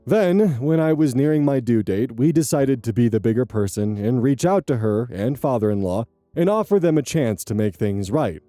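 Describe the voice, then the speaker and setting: A man reads an online story aloud with lively, swooping emphasis. His voice is mellow and soft-edged, recorded close and dry, with faint music behind him. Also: mid-range voice, moderate pace, no echo. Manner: animated, expressive, emphatic. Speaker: channel host reading online posts. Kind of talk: dramatic storytelling narration of a Reddit post.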